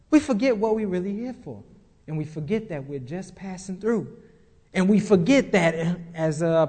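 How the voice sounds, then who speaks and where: A man preaching to a congregation in a voice pitched well above most men's. He builds his points by repeating phrases and firing questions at the room. His words trail off into a long church-hall reverb. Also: breathy edge. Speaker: pastor. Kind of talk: sermon.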